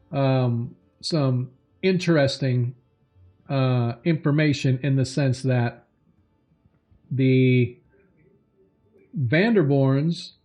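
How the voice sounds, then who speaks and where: A man narrates a tabletop game as game master, taking his time with plenty of pauses and fillers. His voice is dark and mellow, and faint music plays behind him. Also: mid-range voice. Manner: slow, relaxed, halting with many fillers.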